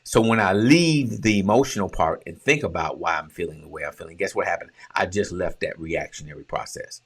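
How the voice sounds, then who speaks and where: A man's voice: deep voice, fairly quick, breathy edge. A man giving an emphatic, conversational talk on relationships as a coach, asking and answering his own questions. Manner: conversational, with colloquial phrasing.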